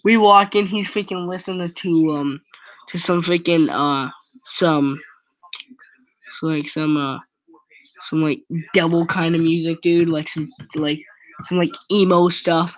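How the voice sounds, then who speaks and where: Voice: medium pitch, steady tone, measured pace, long pauses, poor audio. A young teen vlogger telling a school story in a rambling, casual way, dropping "freaking" into nearly every sentence.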